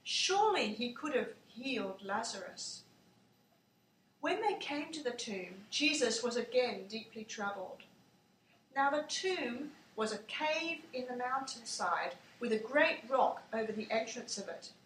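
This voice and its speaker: A woman reading a Bible story aloud in a slow, measured storytelling manner. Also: fairly high pitch, expressive, fairly bright tone, slight background noise. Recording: echoey room, mic far off.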